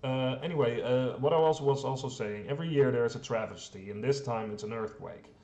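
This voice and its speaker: A man's voice: medium pitch, brisk, a little mellow, highs cut off. A man giving rambling, casual commentary while playing a strategy game, full of fillers and the odd swear word. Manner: rambling, self-deprecating, frequent fillers and mild swearing. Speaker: let's play host. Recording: roomy echo, faint background hum.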